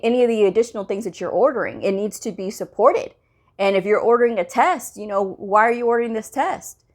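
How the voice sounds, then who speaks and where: A woman hosting a medical coding channel, telling a work story in a casual, animated way, acting out quoted dialogue and laughing often. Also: fairly low pitch.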